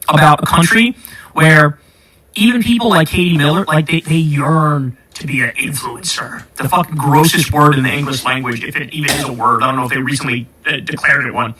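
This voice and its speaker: A man's voice: a little high, bright, forceful tone, slightly rough, low-quality recording. A man hosting a podcast, ranting about politics in a heated, sarcastic and profane way. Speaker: podcast host.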